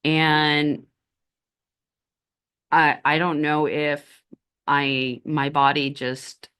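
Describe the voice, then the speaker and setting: A woman with a low-pitched voice tells her own story in an unhurried, candid way. Her tone is conversational, with a wry humor underneath, like a host talking directly to her listeners. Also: flat delivery, a bit bright, smooth. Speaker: spiritual podcast host. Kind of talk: personal storytelling.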